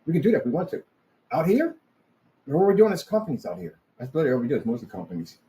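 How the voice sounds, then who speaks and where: Man vlogger, lively swooping pitch, boastful and repetitive rant. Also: rapid-fire, poor audio. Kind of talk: rambling monologue.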